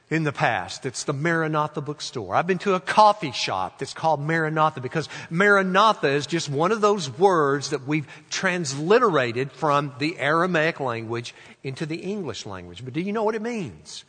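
A man preaching a sermon in a slow, deliberate way, stretching out quoted phrases and letting them fall soft. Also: on the high side, expressive, slightly rough. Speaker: pastor. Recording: long hall reverb.

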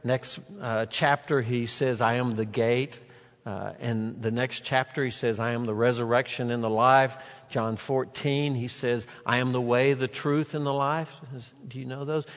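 A man preaching a sermon, retelling a scripture story with animated voices for the characters. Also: mid-range voice, unhurried. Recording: long reverb of a large hall.

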